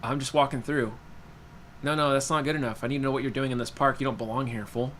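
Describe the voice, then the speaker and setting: A young man quoting a threatening street gang member in his story, raising his pitch a little and pushing harder. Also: fairly even intonation, fast talker, fairly bright tone, slight background noise, lightly acted. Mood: menacing. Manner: threatening, pushy.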